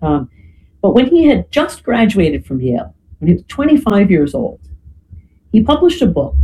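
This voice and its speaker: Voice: mid-range voice, sing-song, normal speed, mellow, rough recording. Guest explaining history, leaning on "right?". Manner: peppers speech with "you know" and tag "right?". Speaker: podcast guest.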